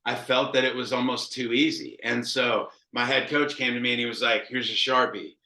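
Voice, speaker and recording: A man's voice: mid-range voice, brisk, roomy sound, rough recording. A man in his thirties, a quarterback coach, telling stories in casual, profane talk and acting out quotes with lots of energy. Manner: profane, animated storytelling with acted quotes.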